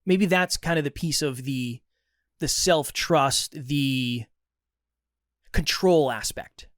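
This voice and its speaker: Here the young adult co-host from Massachusetts slows down, his somewhat high voice still animated as he narrates a story on a casual podcast and plays out the quoted lines. It's studio-quality audio without echo.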